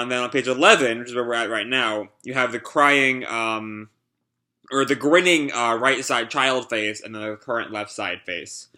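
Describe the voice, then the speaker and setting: Young male YouTuber, bright tone, casual live reaction narration. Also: mid-range voice. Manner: casual, filler-heavy narration. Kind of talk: live reading and reaction to a manga.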